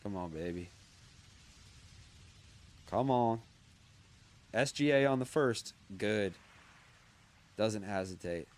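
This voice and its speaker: A man's voice: lowish voice, takes it slowly, long pauses. A man hosting a comedy watchalong, calling the game in a jokey sportscaster style with casual swearing. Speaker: comedy podcast host. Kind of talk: mock play-by-play commentary.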